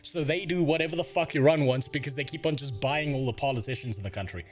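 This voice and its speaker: A man's voice: mid-range voice, quick pace. A man from Africa, livestreaming and ranting in casual, profane, exasperated talk. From South Africa.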